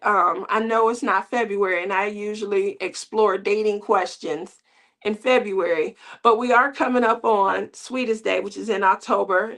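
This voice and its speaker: A woman's voice: mid-range voice, creaky, a bit bright. A middle-aged woman hosting a crafting channel, chatting casually with viewers in a rambling way and laughing often.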